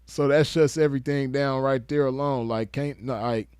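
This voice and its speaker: A man's voice: mid-range voice, fairly even intonation, moderate pace, darkish tone, clear, resonant tone, no echo. Laid-back West Coast man, dry sound. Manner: laid-back, chuckling, heavy slang. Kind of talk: casual commentary.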